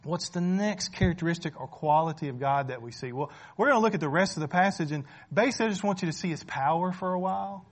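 A man delivering a sermon with a fairly high voice. He talks casually, poses questions to his listeners and repeats key phrases to drive them home. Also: fast, hardly any pauses. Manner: rhetorical questions, often checking in with "right?"; repeats phrases for emphasis, conversational. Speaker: preacher.

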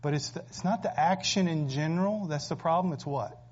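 A man's voice: fairly high pitch, brisk. A man preaching a sermon, emphatic and full of rhetorical questions. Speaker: pastor. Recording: dull lo-fi recording.

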